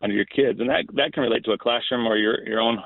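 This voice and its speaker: A man's voice: medium pitch, quick pace, no room sound. Man, middle-aged, school principal, earnest storyteller, restarts phrases, phone-line sound. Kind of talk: casual storytelling in a podcast interview.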